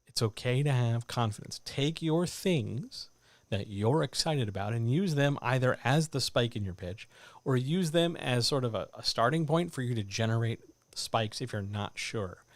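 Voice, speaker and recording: A man coaching writers in a livestreamed talk, animated and addressing listeners directly, with muttered asides to himself. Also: mid-range voice, moderate pace, dry recording. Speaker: writing coach. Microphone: desk microphone.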